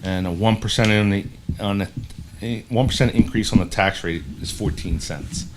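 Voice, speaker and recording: A man's voice: on the low side, heavy background noise. A man who handles the district finances, explaining budget figures in a matter-of-fact way at a board meeting. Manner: matter-of-fact, quick runs of numbers. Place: school board room.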